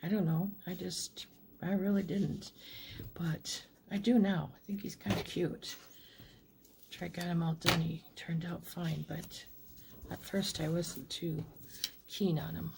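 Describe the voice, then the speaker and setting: A woman with a low, gravelly voice talks through her craft project in a rambling, self-deprecating way. Her words often drop to soft near-whispers as she concentrates. A faint hiss of background noise sits under the voice. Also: flat delivery, unhurried. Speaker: crafting channel host. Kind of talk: casual crafting talk-through.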